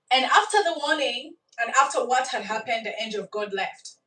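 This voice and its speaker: A woman telling a story in a casual, animated way, with dramatic asides to the listener. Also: a little high. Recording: echoey room, from far off.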